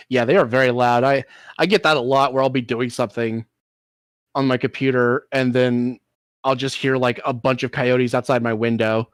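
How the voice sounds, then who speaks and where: A man's voice: mid-range voice, fairly even intonation, normal speed, clean tone, dry recording. Dry-sounding man rambling casually. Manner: rambling, restarts, swears casually. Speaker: streamer host. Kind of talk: casual chat.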